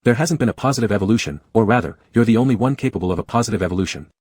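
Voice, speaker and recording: A man voicing a protective young man with a raspy, hoarse voice. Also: lowish voice, expressive, racing, no room sound, studio quality. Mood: gentle. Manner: pleading, then gently reassuring.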